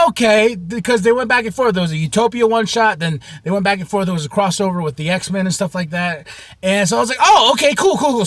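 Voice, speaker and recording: A man telling a rambling story to camera in a casual, profane way, with sudden shouts and many repeats. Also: high-pitched, dry recording. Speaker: vlogger.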